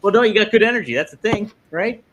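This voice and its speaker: A man's voice: high-pitched, expressive, fast talker, muffled recording. A young man co-hosting a casual podcast who agrees readily, laughs easily and reads out viewer messages. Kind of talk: casual chat.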